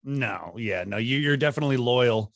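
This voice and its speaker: A man co-hosting a podcast in casual chat, joking and quick to laugh. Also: mid-range voice, vocal fry, a bit bright, no room sound, clean studio sound. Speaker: podcast co-host.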